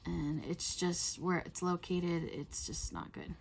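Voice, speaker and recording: A middle-aged woman hosting a coloring video, chatting in a rambling way and often dropping to a soft whisper. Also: fairly low pitch, fairly even intonation, slow pace, vocal fry, a little hiss or hum. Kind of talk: casual chat while coloring.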